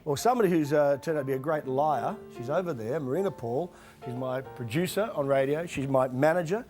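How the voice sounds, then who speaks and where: A man's voice: fairly high pitch, fairly quick, a little mellow, faint music behind. Blunt man in his fifties. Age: 50s. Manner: blunt, emphatic storyteller. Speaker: guest of honour. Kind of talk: candid conversation on stage. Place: TV studio.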